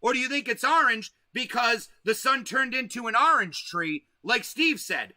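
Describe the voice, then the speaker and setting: A man's voice: very high voice, expressive, moderate pace, pushed and bright, dry recording. A man hosting a casual livestream, talking loosely with slang and swearing and stretching out words for emphasis. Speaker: host.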